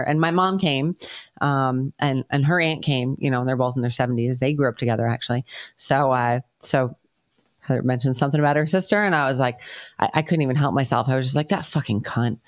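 A woman co-hosting a podcast, telling stories in a blunt, profane casual chat. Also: extremely low pitch. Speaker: podcast co-host.

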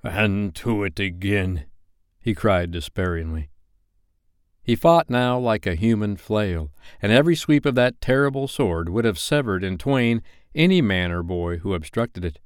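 Smooth low-voiced male storyteller. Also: no echo, clean studio sound. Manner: measured, expressive reading. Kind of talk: bedtime story reading.

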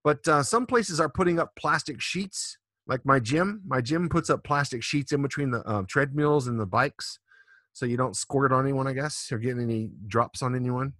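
A man's voice: mid-range voice, normal speed, fairly bright tone, no room sound, studio quality. A man in his forties, co-hosting a casual drinking podcast, telling loose, profane stories with a lot of rambling. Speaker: podcast co-host.

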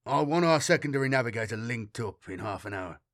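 A man's voice: medium pitch, lively intonation, a little fast, a bit bright, no echo, studio quality, voice pushed down, close to an everyday voice. A man voicing a shaken male starship captain who gives clipped, commanding orders.

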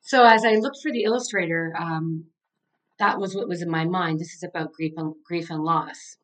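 A middle-aged woman, an author and coach, speaks at normal speed in a fairly low-pitched voice, recorded with poor audio. As a guest in a casual podcast interview, she talks earnestly and from the heart, filling her speech with many "like"s.

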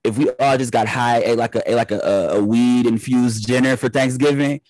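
Animated young man telling stories. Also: medium pitch, normal speed, dry recording, poor audio. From Detroit area, US. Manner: animated storyteller, acts out family voices. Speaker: podcast guest. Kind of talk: casual chat.

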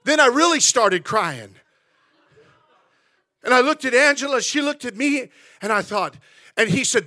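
Preaching in church, a middle-aged pastor grows more fervent as he goes, emotional and repeating himself often. His very high-pitched, bright, forceful voice is expressive yet a little slow, broken by long pauses.

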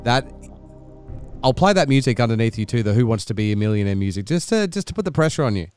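Smooth-voiced teasing host. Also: male voice, mid-range voice, very animated, fast, darkish tone, no room sound, soft background music. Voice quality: teasing, laughing often. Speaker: podcast co-host. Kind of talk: casual banter.

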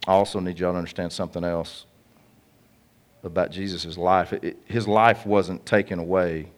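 A man's voice: low-pitched, fairly even intonation, moderate pace. A man preaching a conversational, jokey sermon to a congregation.

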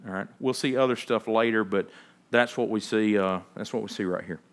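A man's voice: fairly low pitch, brisk. A man, a pastor, giving a conversational sermon that moves from storytelling into emphatic preaching.

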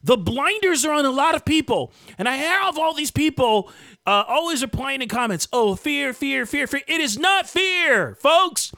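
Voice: sits high, big pitch swings, moderate pace, bright, forceful tone, no room sound, clean studio sound. A host giving heated, emphatic political commentary, mocking opponents along the way. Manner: indignant, emphatic, mocks opponents in quoted voices.

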